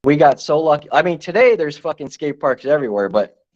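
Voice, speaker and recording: A man's voice: a little high, expressive, a little fast, darkish tone, dull audio. A man in his forties chatting on a casual podcast, telling stories in a laid-back way and swearing casually. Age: 40s.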